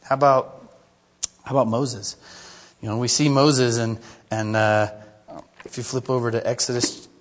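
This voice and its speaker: A man's voice: mid-range voice, flat delivery, measured pace, long pauses. A man preaching a casual sermon in a conversational, chatty way, full of asides, reading scripture aloud. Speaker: pastor. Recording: reverberant hall.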